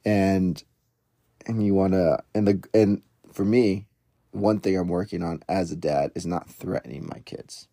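Man in his thirties, parenting coach podcaster; deep, husky, self-deprecating storytelling. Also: steady tone, a little slow, warm tone, dry recording, studio quality. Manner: rambling, self-deprecating, many fillers and restarts. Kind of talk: casual solo podcast storytelling.

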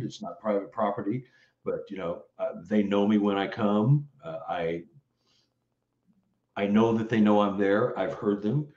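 A middle-aged man from Texas, telling a story as an interview guest, acting out quoted lines with big jumps in pitch and often repeating words. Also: darkish tone. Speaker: interview guest, field investigator. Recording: roomy, slightly dull audio.

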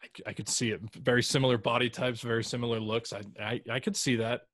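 Casual male podcast host, loose and rambling, middle-pitched voice, dry close sound. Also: level tone, fast, a bit bright, dry recording. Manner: rambling, loose, with frequent restarts and mild swearing. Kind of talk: casual chat.

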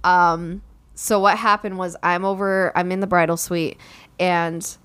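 A woman's voice: on the low side, measured pace, smooth. Chatty young woman telling a story. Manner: animated storytelling, lots of "like" fillers; speaks to listeners as "guys". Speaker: podcast co-host and recent bride. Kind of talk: casual chat.

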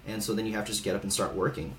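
A man's voice: lowish voice, fairly even intonation, rapid-fire, slight background noise. A man in his thirties from Hawaii, a veteran podcast guest, speaking in a casual, frank way and swearing now and then. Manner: casual and frank, swears, acts out quoted voices. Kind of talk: candid conversational storytelling. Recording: echoey room.

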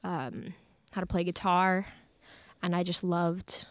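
A woman's voice: on the low side, flat delivery, slow, no echo. A woman in her late teens, a podcast guest, chatting casually with lots of fillers and laughs. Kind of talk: casual chat. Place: church studio.

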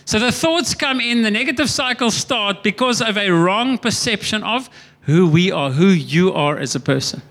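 A man's voice: sits high, expressive, moderate pace, fairly bright tone. A man preaching a sermon as pastor, earnest and emphatic, often repeating and restarting words.

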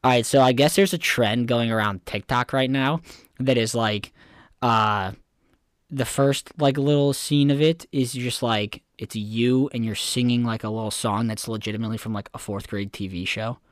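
A man's voice: medium pitch, normal speed, no room sound, clean studio sound. A young man co-hosting a podcast in casual chat, rambling and swearing, getting worked up as he rants. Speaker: podcast co-host.

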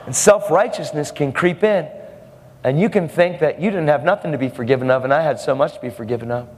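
A man's voice: on the high side, darkish tone. A man preaching a sermon boldly and emphatically, with laughing asides. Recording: hall reverb with faint music.

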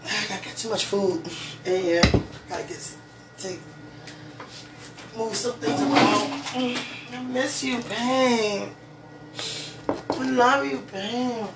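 This woman's voice is on the high side, slow, with long pauses as she talks casually and gushingly to her partner at home. Her rambling is full of "you know"s and fervent religious remarks. Steady background noise fills an echoey room, and the mic sits far from her.

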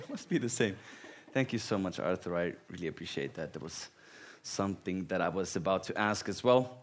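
A man's voice: deep voice, brisk, slight background noise. Finnish-accented man preaching, laughing often. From Finland. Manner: laughs often, animated and self-deprecating. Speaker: guest preacher. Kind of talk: sermon with personal stories.

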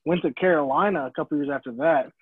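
Husky man on a tinny line. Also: on the high side, fast talker, dry recording. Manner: relaxed, agreeing, adds short comments. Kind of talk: casual sports chat. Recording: tinny phone-like dry line.

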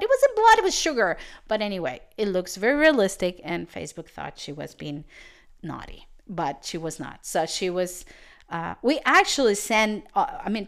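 Medium in pitch and a bit bright, this woman's voice carries her casual podcast monologue. As a business coach, she offers advice in a chatty, story-driven way, restarting sentences and using fillers.

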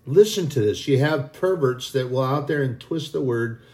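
Gravelly-voiced preacher man. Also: mid-range voice, animated, moderate pace, few pauses, a little mellow. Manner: impassioned, repetitive preaching with spoken prayer. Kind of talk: sermon.

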